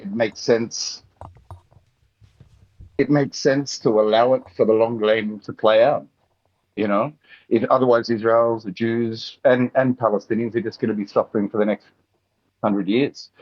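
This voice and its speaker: Aussie guy calling in, lowish voice, muffled lo-fi line, easygoing rambly talk. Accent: Australian. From Australia. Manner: laid-back, rambling. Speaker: caller. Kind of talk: casual phone-in chat. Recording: dull lo-fi call audio.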